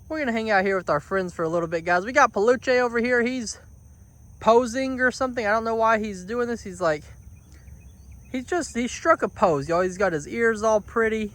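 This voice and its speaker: A man's voice: sits high, fairly quick, fairly bright tone. A young man, chatting casually to his viewers outdoors on a rural homestead, repeating himself and calling them y'all. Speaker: homestead vlogger. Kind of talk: casual vlog talk to camera. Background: insects and crickets.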